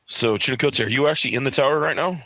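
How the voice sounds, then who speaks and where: Bright-voiced man running a game. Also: medium pitch, very fast, rough recording. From California. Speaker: game master. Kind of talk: narrating a tabletop game.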